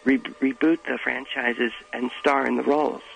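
A man's voice: mid-range voice, level tone, normal speed, vocal fry, highs cut off. A man voicing a late male pop star, earnest and self-important, rambling and breaking into film-quote impressions in a radio comedy sketch. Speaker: radio comedy bit performer.

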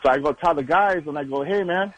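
A man's voice: a little high, fast, low-quality recording. A man calling in to a radio show, telling a rambling story in a chatty way. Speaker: caller.

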